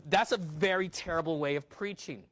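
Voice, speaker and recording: A man's voice: on the high side, fairly quick, a bit bright. Conversational man preaching from the pulpit. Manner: conversational Bible teaching with asides and rhetorical questions. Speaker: pastor. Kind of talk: sermon.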